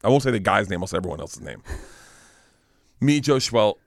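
A man's voice: fairly low pitch, expressive, a little fast, vocal fry, dry recording, clean studio sound. Rambling profane male storyteller. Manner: rambling, self-deprecating, profane. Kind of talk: casual storytelling chat.

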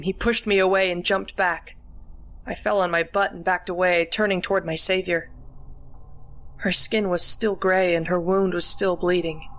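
Woman narrating a horror story, lower voice. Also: a bit bright.

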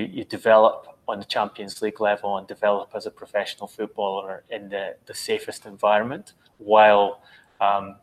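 A low-voiced man speaking in a flat, even tone. He talks through football transfers in a measured, analytical way, pausing often on ums. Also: rough recording. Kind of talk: podcast discussion.

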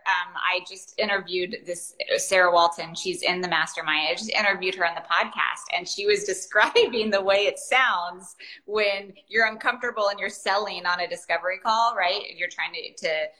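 A woman's voice: on the low side, moderate pace, bright, forceful tone, low-quality recording. A woman podcast host and coach in casual chat, effusive and enthusiastic, laughing easily.

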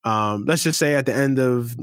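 A young man hosting a casual sports podcast, talking in an animated, slangy way and swearing freely. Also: mid-range voice, normal speed, no echo, studio quality. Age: young adult. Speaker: podcast host.

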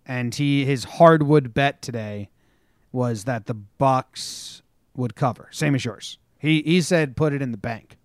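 A young man co-hosting a casual sports podcast, telling stories in an animated way and acting out what people said, with plenty of swearing. His voice sits at an ordinary pitch and is recorded dry and close, with no room around it. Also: unhurried, no room sound. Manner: animated storytelling, acts out quotes, swears. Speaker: podcast co-host.

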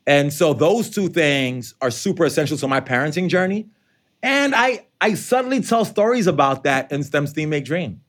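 A man, an author and educator, answering interview questions in a lively conversational way, acting out quoted lines. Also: fairly high pitch, moderate pace. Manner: animated, conversational, acts out quotes.

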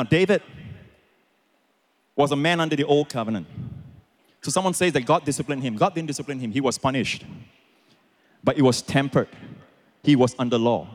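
A man preaching a sermon as pastor, swinging between quiet explanation and loud, shouted emphasis. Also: mid-range voice. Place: large church auditorium with congregation.

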